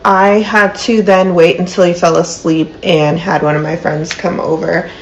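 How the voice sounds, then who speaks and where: In a played clip, a woman in her thirties earnestly shares a personal story straight to camera, leaning heavily on fillers such as "like" and "um." She speaks at a moderate pace with a fairly low pitch and fairly even intonation. The recording is rough, with slight background noise.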